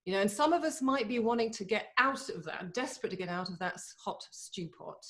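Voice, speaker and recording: A woman in her forties giving a motivational talk over a video call, eager and chatty, speaking in quick bursts. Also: medium pitch, expressive. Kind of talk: live online motivational talk.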